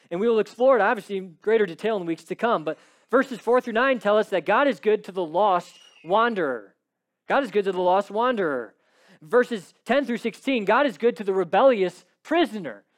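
A male pastor preaching a sermon, emphatic, with rhetorical questions and repeated phrases. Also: high-pitched. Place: church service.

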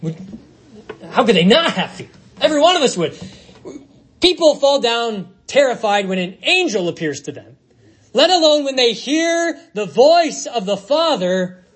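A man's voice: extremely high pitch, very animated, unhurried, slightly rough, low-quality recording. A man preaching a sermon, reading scripture aloud and working through it with rhetorical questions. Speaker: pastor.

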